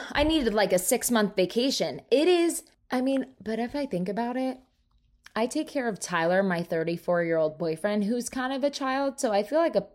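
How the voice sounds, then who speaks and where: A woman in her thirties, from New Jersey, hosting a solo podcast in a casual, animated and self-mocking way, with free swearing. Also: mid-range voice. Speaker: podcast host.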